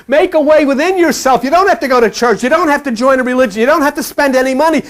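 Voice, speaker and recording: A preacher giving an impassioned sermon, blunt and repetitive, swinging from low murmurs to sudden loud outbursts. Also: fast talker. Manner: blunt, repetitive, earthy slang.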